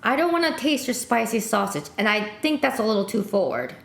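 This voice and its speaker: Playful woman streamer, lively voice. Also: on the high side, brisk, creaky, echoey room. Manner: playful, teasing. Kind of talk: casual chat with an AI on stream.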